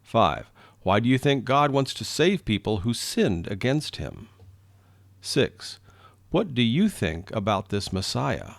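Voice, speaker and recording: A man reading English lesson questions aloud slowly and clearly for learners. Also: medium pitch, very animated, no room sound.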